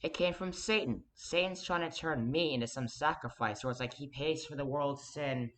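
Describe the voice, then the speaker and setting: A man's voice: mid-range voice, normal speed, a bit bright. A man in a rambling to-camera monologue, earnest and insistent, talking straight to the viewer and jumping between thoughts with restarts. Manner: rambling, restless, frequent restarts and sudden emphatic jumps. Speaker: vlogger.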